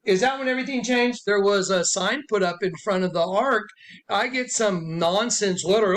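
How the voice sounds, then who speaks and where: Speaking in a high, slightly bright voice at a moderate pace, a self-styled prophet recounts an emotional tale to the followers gathered around him inside. He is emphatic and performs each quoted voice himself.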